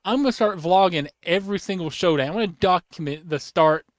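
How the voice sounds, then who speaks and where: A young man hosting a casual podcast, rambling excitedly with lots of fillers and restarts, his voice a little worn. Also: high-pitched, brisk, no echo, studio quality. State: losing his voice. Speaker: podcast host.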